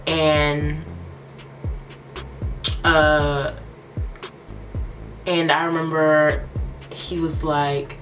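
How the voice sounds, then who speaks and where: A woman's voice: low-pitched, flat delivery, drawn-out words, long pauses, fairly bright tone, far from the mic, faint music behind. A young woman vlogger candidly telling a personal storytime, emphatic and repeating phrases for emphasis. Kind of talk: storytime vlog.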